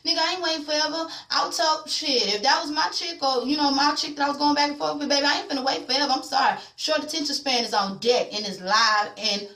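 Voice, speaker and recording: A woman's voice: sits high, fast, few pauses, sharp tone. A woman vlogger recapping a TV episode in casual, blunt and opinionated chat with slang. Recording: echoey room.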